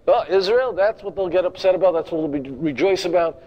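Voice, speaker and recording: A rabbi delivering a lecture, his voice sitting a little high for a man. He hammers his points home by repeating them and keeps checking in with the listeners. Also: lively intonation, a little fast, lo-fi sound. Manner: emphatic, repeats phrases, direct asides to the audience. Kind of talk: lecture to a congregation.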